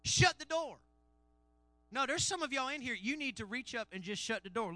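A male pastor preaching a sermon in call-and-response style, swinging between loud shouts and low murmurs. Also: lively intonation, normal speed, dry recording.

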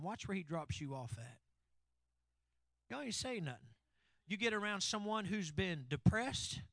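A man's voice: high voice, fairly bright tone, no echo. A male pastor preaching a sermon, calling out to the congregation. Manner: preachy call-and-response with congregation.

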